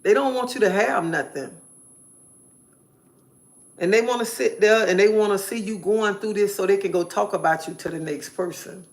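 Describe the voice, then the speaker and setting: A woman's voice: medium pitch, moderate pace. A woman live streamer giving an emphatic personal testimony, repeating phrases in a preacherly way.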